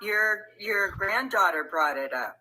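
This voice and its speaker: Very bright-voiced woman teacher. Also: medium pitch, expressive, unhurried, rough recording. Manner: polite, patient, explaining.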